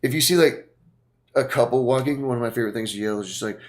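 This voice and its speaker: A male podcast host with a mid-range voice talks quickly in casual chat, telling long, rambling stories packed with swearing.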